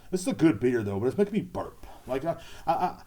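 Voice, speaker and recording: A man's voice: mid-range voice, sing-song, quick pace, mellow. A man hosting a podcast, rambling casually with lots of profanity and repetition. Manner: profane, repetitive, laid-back. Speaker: podcast host.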